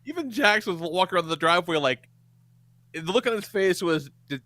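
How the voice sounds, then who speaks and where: Man, 40s, podcast co-host; bright, lively delivery, swears freely, dry close mic. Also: high-pitched, fairly quick, dry recording. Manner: profane, animated storytelling. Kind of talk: casual podcast chat.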